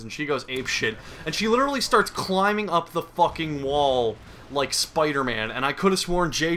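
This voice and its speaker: A man's voice: medium pitch, pushed and bright, a little hiss or hum. A young man giving crude, sarcastic comedic commentary over gameplay, rambling and mocking as he goes. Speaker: gaming commentator.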